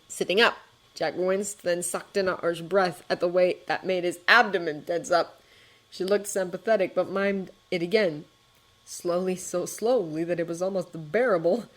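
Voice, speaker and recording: A woman reading a fan story aloud as storybook narration, with an expressive and dramatic delivery. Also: fairly low pitch. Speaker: fanfiction reader.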